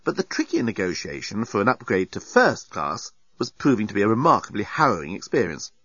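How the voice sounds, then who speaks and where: A man narrating a storybook in an expressive, animated reading. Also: medium pitch, breathy edge, no room sound. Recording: dull lo-fi dry recording.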